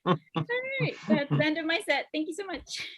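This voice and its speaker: A woman's voice: sits high, huge pitch swings, a little slow, a loud crowd. A young woman doing a stand-up set over a video call from home, giggling through her own punchlines. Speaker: stand-up comedian.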